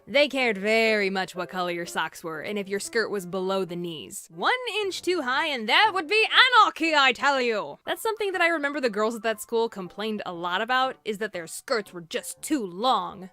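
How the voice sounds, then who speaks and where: A woman's voice: a little high, big pitch swings, fairly quick, few pauses, pushed and bright, faint music behind. A young woman giving scripted comedic storytime narration, sarcastic and playful, with asides to the viewers.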